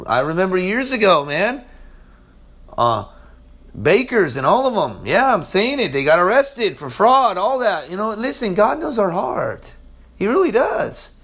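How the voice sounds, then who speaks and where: A man preaching an informal Bible-study sermon, swinging between loud exclamations and low, quiet murmurs.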